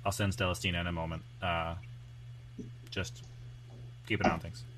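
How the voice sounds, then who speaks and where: A man's voice: low voice, level tone, normal speed, fairly bright tone, slight background noise. A man running a tabletop game as game master, speaking in a laid-back, hesitant way with many fillers.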